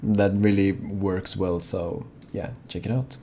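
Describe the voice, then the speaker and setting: A young man co-hosting a live online show, talking in a loose, rambling way, with frequent "like"s and self-corrections. His voice sits on the low side. A faint hiss runs under the home microphone. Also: little pitch movement, slow pace, mellow. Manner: rambling, full of "like" and restarts. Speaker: co-host of a fan-made live gaming show. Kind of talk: casual live-show chat.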